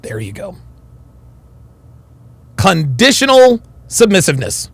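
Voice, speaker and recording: A man's voice: high-pitched, big pitch swings, normal speed, creaky, fairly bright tone, no room sound. A man hosting a reaction commentary, slangy and swearing, talking over a clip.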